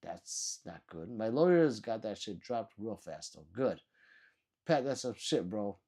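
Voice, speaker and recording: A man's voice: fairly low pitch, sing-song, measured pace, warm tone. A sleepy man live-streaming, ranting with lots of swearing and mocking, then reading chat messages aloud.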